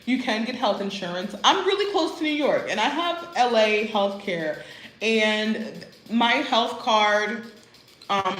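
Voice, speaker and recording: A woman's voice: medium pitch, echoey room, background noise. A woman vlogging in a casual, chatty way, full of "like" and "you know what I mean," talking about life as an expat. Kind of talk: casual chat. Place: living abroad as an expat.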